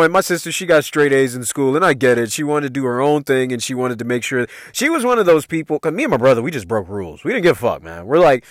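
A man's voice: mid-range voice, quick pace, hardly any pauses, dry recording. Guy telling stories on his podcast, cussing a lot, voice jumps all over, dry close mic. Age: adult parent. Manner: profane, animated, loose street slang. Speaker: podcast host. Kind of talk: casual storytelling.

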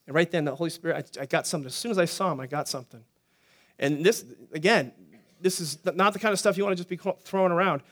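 A middle-aged man preaches in a fairly high voice. He talks to the congregation in a loose, conversational way, stumbling over restarts and dropping in joking asides. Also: quick pace, a bit bright. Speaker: pastor. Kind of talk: sermon.

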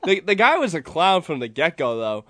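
Chatty male radio co-host, fairly high voice. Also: huge pitch swings, moderate pace, fairly bright tone, no echo. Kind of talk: casual sports talk radio.

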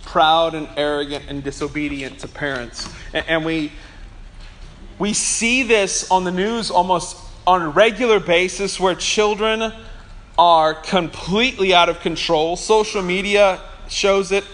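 Bright high-voiced preaching man. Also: measured pace. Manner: storytelling, emphatic, acts out quotes. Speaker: pastor. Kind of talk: sermon.

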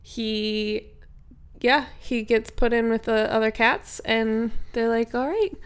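A woman's voice: on the high side, level tone, takes it slowly, clear, resonant tone. A woman hosting a podcast, telling an improvised bedtime story in an easygoing way with many fillers. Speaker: podcast host.

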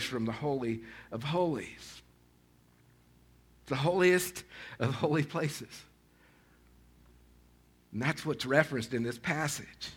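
A man preaching a sermon to his congregation, talking conversationally with restarts and swelling into loud, animated calls to the people by name. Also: medium pitch, breathy edge. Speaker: pastor.

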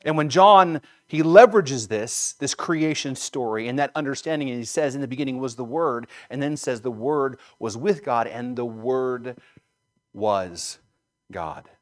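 Emphatic male preacher. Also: measured pace. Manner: emphatic, rising to loud stresses then dropping low. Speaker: pastor. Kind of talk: sermon.

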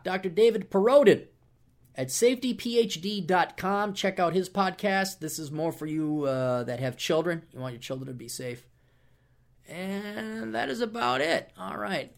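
Guy doing his podcast solo, kinda high voice, rambles and opines with lots of uhs. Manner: opinionated, rambling with fillers. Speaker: podcast host. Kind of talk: casual podcast monologue.

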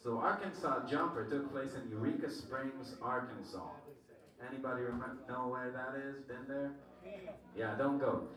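A man's voice: medium pitch, normal speed. A man in a band telling a joking story to the audience between songs, playing the people in it as he goes. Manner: laid-back, joking, acts out quotes. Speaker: band member introducing a song. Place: large hall at a live concert. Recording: echoey live hall from far off. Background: crowd.

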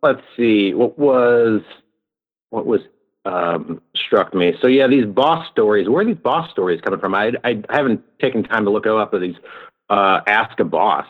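A man with a fairly low voice talks casually on a podcast, stopping and restarting around his fillers. His sound comes through thin and tinny, like a phone line. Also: lively intonation. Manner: halting, many fillers.

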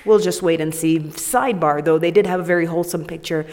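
A woman's voice: on the low side, steady tone, fast, a little mellow. A woman hosting a casual solo comedy podcast, irreverent and crude, talking to herself and cracking jokes. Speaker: podcast host. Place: new home with echoey room. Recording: echoey room with long reverb.

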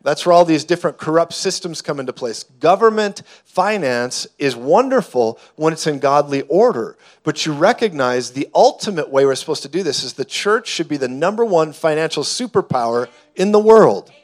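Fervent male preacher, slightly high voice. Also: very animated, moderate pace, few pauses. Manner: fervent, building to shouts. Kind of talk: sermon. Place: church hall before a congregation.

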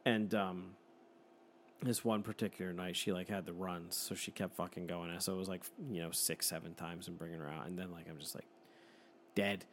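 A man's voice: sits low, little pitch movement, moderate pace, a bit bright, a little hiss or hum. A man in his thirties telling a story in casual chat, swearing freely and laughing often.

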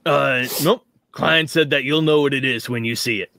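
A man serving as game master, narrating a tabletop role-playing game in a relaxed, laughing way. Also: medium pitch, normal speed, gravelly, dry recording.

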